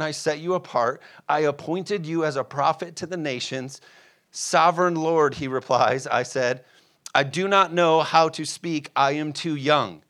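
A man with a fairly high-pitched voice delivers a sermon in a loose, conversational way. He acts out scripture scenes with playful asides and keeps asking the congregation if they are with him. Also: fairly bright tone. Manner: asks the congregation "are you with me?". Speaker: preacher.

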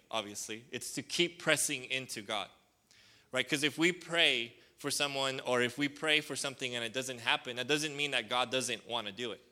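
A man's voice: medium pitch, bright, forceful tone. A male pastor preaching a casual, conversational sermon, rambling with lots of "like" and "um" and calling for responses from the congregation. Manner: rambling, full of fillers like "like" and "um".

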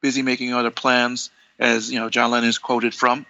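A man, an interview guest telling animated stories and acting out the dialogue. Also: mid-range voice, a little fast, vocal fry, highs cut off. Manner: animated, acts out quoted dialogue, many restarts. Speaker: interview guest, longtime fan. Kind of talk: conversational storytelling.

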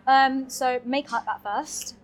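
A young woman from North London with a polished southern English accent, chatting casually as a guest about her vlogging and often trailing off softly. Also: high-pitched, steady tone, slow. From North London, England. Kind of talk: casual chat.

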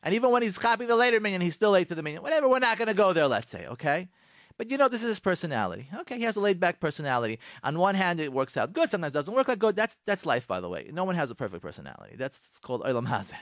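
A man hosting a radio show, giving marriage advice in a lively, direct way, acting out both spouses and speaking. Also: sits high, racing, dry recording, clean studio sound. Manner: animated, acts out both spouses in quotes, lectures the listener directly. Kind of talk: direct-address advice talk.

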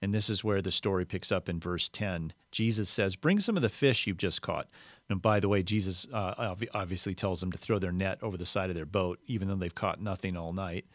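A man's voice: low voice, fairly even intonation, a little fast, few pauses, no echo, studio quality. A man preaching a sermon, explaining a Bible passage in a conversational teaching manner.

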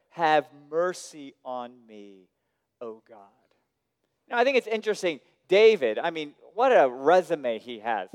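A man preaching a sermon as pastor, swinging between hushed, quiet phrases and sudden raised, emphatic lines. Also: mid-range voice, clean tone. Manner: dynamic preaching, dropping soft and rising loud. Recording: long reverb of a large hall.

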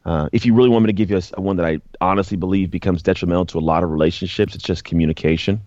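A man's voice: deep voice, steady tone, rapid-fire, darkish tone, no room sound, muffled recording. A man guest speaking earnestly in a casual conversation, often repeating words as he thinks. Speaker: guest, former pro football player and author.

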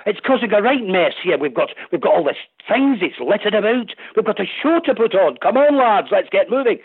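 Actor doing a high, light-voiced Edinburgh theatre manager, bossy and a touch camp; thin phone-line sound. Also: male voice, expressive, husky. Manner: bossy, brisk, a bit camp.

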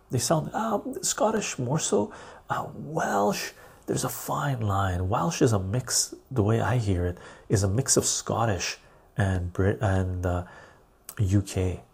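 Slow gravelly man. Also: lowish voice. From Canada. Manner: rambling, reads viewer comments aloud and answers them. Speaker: live stream host. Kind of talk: casual live stream chat.

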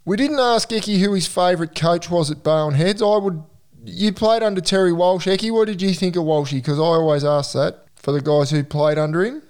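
A man's voice: high-pitched, a little fast, a little mellow, clear, resonant tone. An Australian man hosting a podcast, asking questions in a friendly, easygoing way. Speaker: podcast host. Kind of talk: casual chat.

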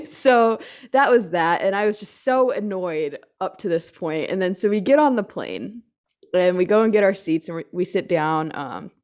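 A young woman telling a story in casual chat, swearing a lot, ranting, and acting out her own lines in a lower voice. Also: animated, unhurried, darkish tone.

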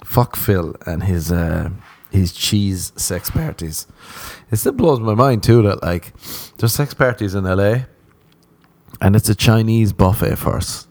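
A man talks alone into a close mic on his podcast, drifting from story to story. He swears freely, mocks himself and laughs often. His voice sits a little low, and the recording is dry with almost no room sound. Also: lively intonation, a little slow, darkish tone, dry recording. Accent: non-American. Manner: profane, self-mocking, laughs often. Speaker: podcast host. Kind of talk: casual solo podcast rambling.

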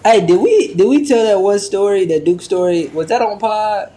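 A man co-hosting a podcast, with an airy voice and animated storytelling. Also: high-pitched, moderate pace. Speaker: podcast co-host. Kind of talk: casual chat.

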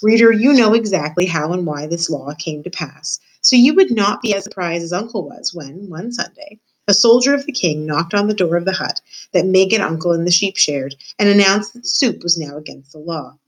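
A woman's voice: fairly low pitch, animated, moderate pace, rough recording. A woman student reading a children's novel aloud, speaking to the reader directly.

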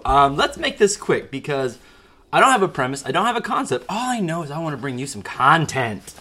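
A man's voice: on the high side, sing-song, fairly quick, pushed and bright, a little hiss or hum. A man hosting a solo podcast from a garage, rambling and self-mocking, with jokes. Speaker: podcast host. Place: garage at home. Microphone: old-fashioned recorder.

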